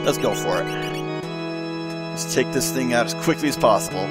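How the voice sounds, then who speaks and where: A man talks through a game as he plays, relaxed and chatty and poking fun at himself. His voice moves a lot in pitch, and loud game music runs underneath his talk. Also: moderate pace. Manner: relaxed, chatty, self-mocking. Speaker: let's play host. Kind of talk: let's play commentary.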